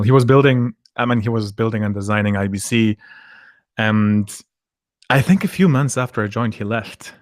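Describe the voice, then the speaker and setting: A man's voice: fairly low pitch, moderate pace, no room sound, studio quality. A man hosting a podcast, asking questions in a conversational, slightly hesitant way. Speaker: podcast host. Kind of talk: casual interview chat.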